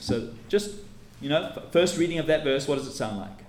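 A man gives a teaching sermon in an echoey room, with a faint hum of ambience behind him. His voice sits at an ordinary middle pitch. He lays out his points carefully and leans hard on each key word. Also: lively intonation, moderate pace, few pauses. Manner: teacherly, emphatic, stresses key words. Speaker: preacher. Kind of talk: expository sermon.

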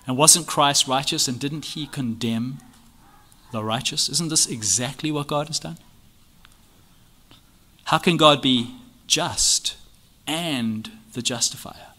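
A man's voice: mid-range voice, slow, pauses often, bright, forceful tone. A man giving an expository Bible lesson on a church confession. He reads passages aloud and presses his points with earnest rhetorical questions. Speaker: Bible teacher.

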